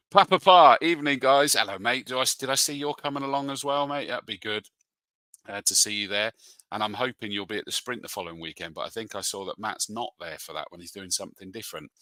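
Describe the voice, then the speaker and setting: A man's voice: fairly low pitch, fairly quick, pushed and bright, dry recording. A man and motorsport commentator hosting a live show, chatting casually and reading out viewer comments in a matey way. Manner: chatty and matey, calls people mate.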